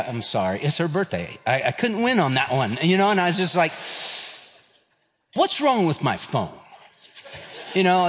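In a big-sounding room, a fifty-something pastor delivers a sermon in a mid-range voice. He's storytelling from his own life, performing different voices and joking at his own expense.

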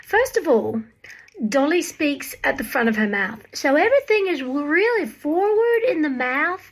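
Lively high-voiced woman giving voice tips. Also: measured pace, rough recording. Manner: playful, demonstrative, laughs at herself. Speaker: tribute performer for a famous singer. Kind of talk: demonstrating an impression voice.

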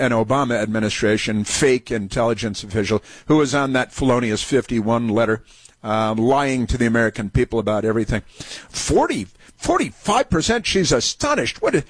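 A man's voice: mid-range voice, no room sound. Sarcastic talk radio host man, dry studio sound. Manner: sarcastic, indignant, rambling with many fillers. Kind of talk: opinionated talk radio commentary.

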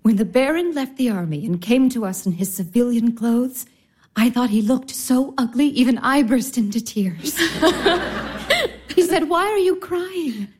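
A woman playing a gentle, consoling elder sister who speaks in a soothing, tender way. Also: high voice, slightly rough, exaggerated voice. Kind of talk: stage drama acting.

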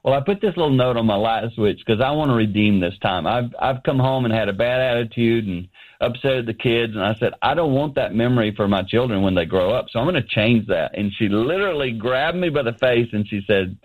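A man's voice: mid-range voice, a little fast, phone-quality sound. A middle-aged man, a ministry founder, telling an earnest personal story as a radio guest from his office. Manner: earnest, anecdotal, animated quoting.

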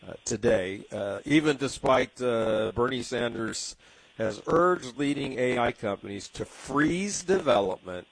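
A man's voice: on the low side, creaky, poor audio. A middle-aged man from Southern California with a local accent, hosting a radio talk show in a rambling way with lots of fillers. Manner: rambling, many fillers and restarts. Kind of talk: casual radio commentary.

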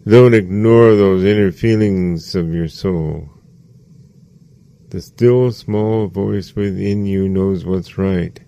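A man giving a sermon as a spiritual teacher, slow and measured, repeating phrases for emphasis. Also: low voice, vocal fry, dark tone, no room sound, dull audio.

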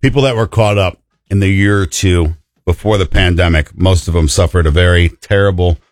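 A man's voice: sits low, a little fast, dry recording, clean studio sound. A man co-hosting a radio talk show, joking and teasing callers in casual chat. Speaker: radio co-host.

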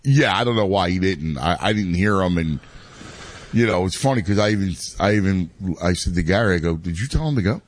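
A man's voice: sits low, fairly quick. Rambling conversational middle-aged man. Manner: rambling, many restarts, conversational. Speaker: youth baseball coach and father, co-host. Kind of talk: casual podcast chat.

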